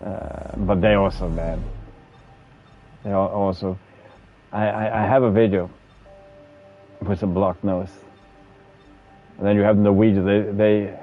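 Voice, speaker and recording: A man's voice: on the low side, little pitch movement, measured pace, long pauses, phone-quality sound, faint music behind. A Danish man with a Danish accent, streaming a game and chatting casually, repeating words as he talks. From Denmark. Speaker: gaming streamer. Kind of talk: casual chat while playing a game.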